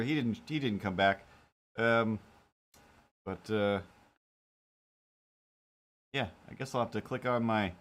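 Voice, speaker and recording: A man's voice: mid-range voice, expressive, slow pace, pauses often, a bit bright. Rambling self-deprecating male streamer. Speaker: live-stream host and cartoonist. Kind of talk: casual live-stream chat.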